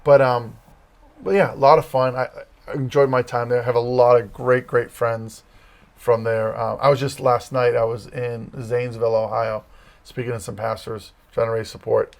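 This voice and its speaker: A man's voice: mid-range voice, level tone, moderate pace, creaky. Rambling man with Massachusetts accent. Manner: rambling, anecdotal storytelling. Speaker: guest, campus ministry leader. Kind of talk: casual interview chat.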